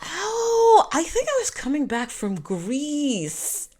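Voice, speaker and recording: A high-pitched woman from Quebec tells a meandering personal story in a casual vlog, taking her time as she goes. She's animated and rambling, and she keeps cutting herself off mid-thought.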